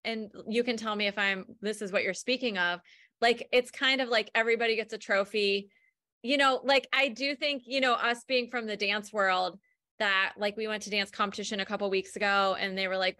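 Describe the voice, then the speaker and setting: A woman's voice: mid-range voice, fairly even intonation, a little fast, pushed and bright, no room sound. A woman hosting a podcast, asking long, rambling questions in a casual way. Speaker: podcast host. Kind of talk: casual conversation.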